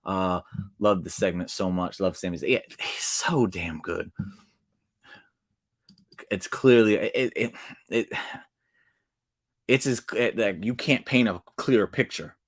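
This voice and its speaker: A man recapping a wrestling show in casual solo talk, excitable, swinging between loud bursts and quiet asides. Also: deep voice, slow, pauses often. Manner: excitable, swings loud and soft, restarts often.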